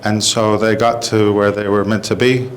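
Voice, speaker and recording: A man telling jokes on a comedy show in a halting, rambling way, full of fillers. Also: fairly low pitch, little pitch movement, a little hiss or hum, low-quality recording. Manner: halting, rambling, with bursts of exaggerated crying in his jokes. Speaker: comedy show joke teller. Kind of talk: casual joke telling.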